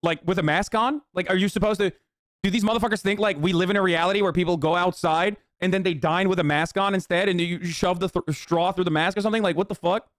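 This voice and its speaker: A man's voice: sits high, steady tone, fast, fairly bright tone, no echo, clean studio sound. A man casually riffing as a streamer, reacting to posts with mocking, profane commentary.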